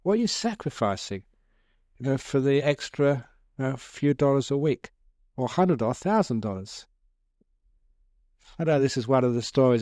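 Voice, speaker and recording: Monk guy giving a funny dharma talk, chatty and chuckling, smooth clear voice, dry close sound. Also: medium pitch, mellow, no echo. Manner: jokey, chuckling, conversational. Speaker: Buddhist monk and teacher. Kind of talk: humorous storytelling dharma talk. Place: talk to a live audience.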